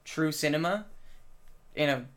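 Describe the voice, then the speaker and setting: A man's voice: a little high, lively intonation, measured pace, a bit bright. A man in casual chat, rambling with lots of filler words and swearing while telling a story from a film set. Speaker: film crew member.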